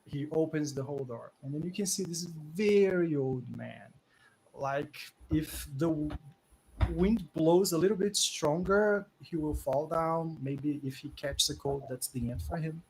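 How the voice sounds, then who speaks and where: Slow, deliberate male game master. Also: a little high, darkish tone, slight background noise, poor audio. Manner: slow, deliberate narration with many "like"s. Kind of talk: narrating a tabletop game.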